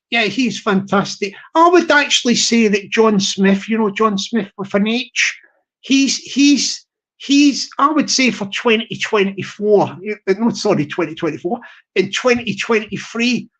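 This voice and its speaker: A man hosting a live stream, giving upbeat, rambling shout-outs and often repeating himself. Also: high-pitched.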